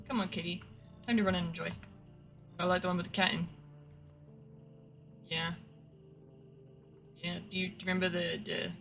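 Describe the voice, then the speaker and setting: A woman's voice: lowish voice, expressive, a little fast, long pauses, a bit bright, soft background music. A young woman, a gaming content creator, giving casual, playful commentary while playing a horror game. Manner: playful, coos at cats.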